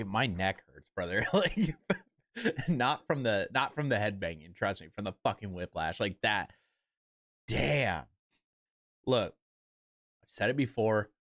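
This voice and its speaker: A man hosting a reaction video, talking in an excitable, rambling way and swearing often. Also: on the low side, no echo, clean studio sound. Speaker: reaction channel host. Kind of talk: casual reaction commentary.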